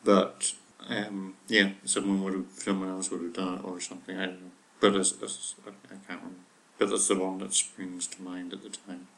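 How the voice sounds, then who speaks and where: A man's voice: low voice, little pitch movement, normal speed, fairly bright tone, poor audio. A man co-hosting a casual chat podcast. He speaks in a wry, teasing way and quizzes his co-host.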